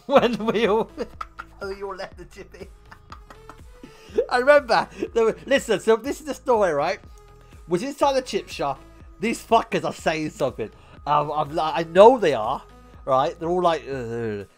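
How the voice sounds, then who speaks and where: A young man streaming a game, telling rowdy stories in a casual, swear-heavy way. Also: sits high. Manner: animated, swears freely, bursts into loud laughter. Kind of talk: casual storytelling while gaming.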